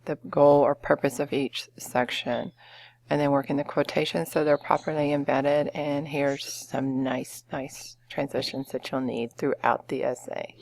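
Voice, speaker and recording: A woman's voice: sits low, darkish tone. A woman teacher walking students through an essay-writing lesson, explaining step by step with frequent fillers and okays. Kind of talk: classroom lesson walkthrough.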